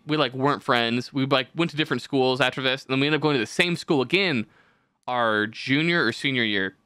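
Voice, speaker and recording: A man hosting a casual podcast, spinning long, loose stories with plenty of swearing and filler words. His voice is bright and forward, and the sound is dry and close to the mic. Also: mid-range voice, smooth, dry recording. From California. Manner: profane, rambling storyteller. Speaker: podcast host.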